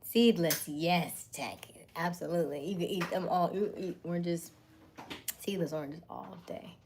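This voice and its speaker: Female livestream host, unhurried, chatty, greets viewers by name, frequent laughs and soft asides. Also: lowish voice, a little hiss or hum. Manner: talks while eating dinner; laughs often, drifts into soft half-whispers. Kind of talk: casual livestream chat.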